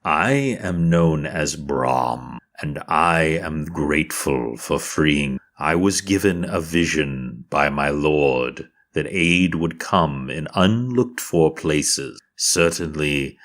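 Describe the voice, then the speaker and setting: A man voicing a wise, weakened old male brass dragon who speaks slowly and formally. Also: very deep voice, fairly bright tone, heavily acted. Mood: grateful. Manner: slow, grave and formal.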